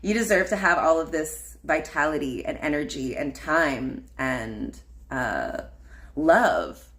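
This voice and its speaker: A woman's voice: sits low, lively intonation, slow, fairly bright tone. A woman hosting a casual solo livestream, rambling with lots of fillers and "like". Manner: rambling, filler-heavy, frequent laughs and "like". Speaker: podcast host.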